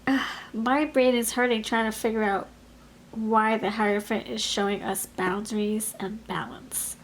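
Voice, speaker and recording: A woman giving a pick-a-card tarot reading in an expressive, chatty way, talking aloud to Spirit as she goes. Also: on the high side, measured pace, low-quality recording. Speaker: tarot reader.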